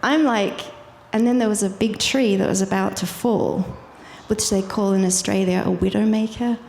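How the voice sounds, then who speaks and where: An Irish woman recounts a personal story as a guest, vivid and quick to laugh. Her voice sits in the middle of the range for a woman. It carries the long echo of a hall, with faint noise underneath. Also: medium pitch, steady tone, gravelly, darkish tone. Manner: vivid, laughs easily while telling. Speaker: guest sharing her testimony.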